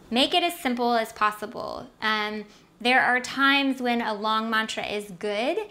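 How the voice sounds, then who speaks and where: A woman's voice: a little high, sharp tone. A woman hosting a self-help video series, giving an upbeat motivational talk to the camera and often checking in with "right?".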